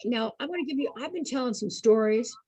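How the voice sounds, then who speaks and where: A woman with a husky voice telling a casual story to an online group over a video call, chatty and calling her listeners folks. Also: on the high side, expressive, fairly quick, a little mellow, no echo, poor audio. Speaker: storyteller host.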